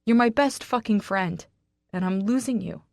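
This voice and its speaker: A woman's voice: medium pitch, moderate pace, creaky, a little mellow, no echo, studio quality, pitched above the performer's own voice, close to an everyday voice. A woman voicing an intense, possessive young man who talks heatedly and curses in an audiobook. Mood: anguished. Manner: heated, cursing.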